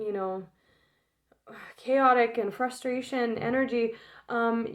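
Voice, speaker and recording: A woman giving a casual tarot reading, frank and emotional, swearing freely, laughing often and filling pauses with um and like. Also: on the high side. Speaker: tarot reader.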